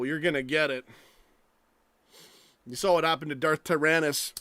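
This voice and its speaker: A man's voice: fairly high pitch, steady tone, moderate pace, long pauses, pushed and bright. Profane ranting man on a live stream. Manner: angry, profane, rambling rant.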